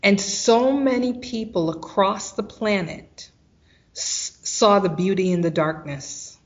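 A woman guest telling a personal story of hardship and faith, animated and acting out the voices of others. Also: medium pitch, slow, highs cut off. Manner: animated, acts out quoted voices.

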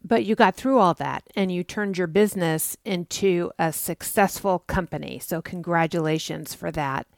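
A woman hosting a podcast, asking interview questions in a calm, encouraging way. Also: lowish voice, normal speed, vocal fry, few pauses, no room sound, clean studio sound. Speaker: podcast host.

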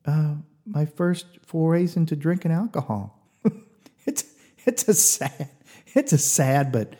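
A man's voice: on the high side, expressive, slow pace, warm tone, breathy edge. A man hosting a podcast, telling a comic story in a chatty way, with confiding asides to the listener. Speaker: podcast host.

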